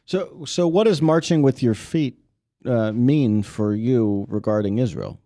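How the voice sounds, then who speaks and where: Man, interviewer, warm mellow voice, halting questions, dry sound. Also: medium pitch, no room sound.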